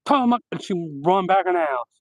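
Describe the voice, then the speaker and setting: A man streaming live from his yard at night, spinning loose, animated stories and laughing along. His voice sits a touch high. The sound is dry and close. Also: fairly quick, dry recording, low-quality recording. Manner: rambling, animated anecdotes with laughter. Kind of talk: casual outdoor storytelling.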